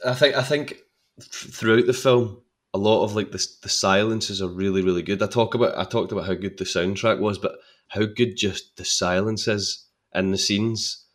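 An actor guesting on a podcast, chatting about a film with enthusiasm and many repeated words and restarts. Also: male voice, lowish voice, steady tone, moderate pace. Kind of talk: casual film-discussion chat.

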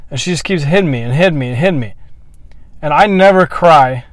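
A man telling a personal story in a candid, reflective monologue, swearing freely and pausing to restart his thoughts. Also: on the high side, lively intonation, dry recording.

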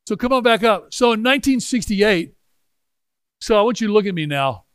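A man in his sixties telling a personal story in a sermon, swinging from hushed asides to loud exclaiming. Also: sits high, expressive, brisk, smooth, no room sound. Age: 60s. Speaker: pastor.

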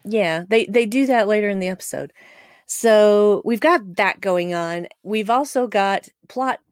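A woman's voice: mid-range voice, measured pace, clean tone, dry recording, studio quality. Chatty woman recapping a show. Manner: animated storytelling, acts out quoted characters. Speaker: podcast co-host. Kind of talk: casual episode recap chat.

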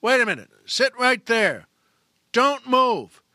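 A man's voice: extremely high pitch, sing-song, slow, pushed and bright, no echo, studio quality, pitched above the performer's own voice, full character voice. A man voicing a rattled male traffic cop who stammers in rising alarm, telling a joke.

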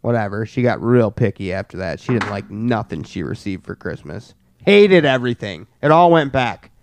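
A man's voice: lowish voice, lively intonation, moderate pace, noisy background. A man hosting a podcast, telling a childhood story in a laid-back way and swearing a lot. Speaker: podcast host. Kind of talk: casual chat, storytelling.

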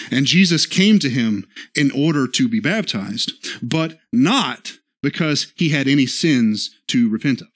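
A man preaching an earnest sermon as pastor, often checking in with his listeners and slowing down to quote scripture. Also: medium pitch, fairly bright tone. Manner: slows for scripture quotes, acts out short dialogue.

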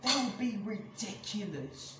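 Man ranting on a podcast, high voice, angry and swearing, echoey room, noticeable background noise. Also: big pitch swings, measured pace, fairly bright tone. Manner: angry, swears a lot, many restarts. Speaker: podcast host. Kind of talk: casual ranting monologue.

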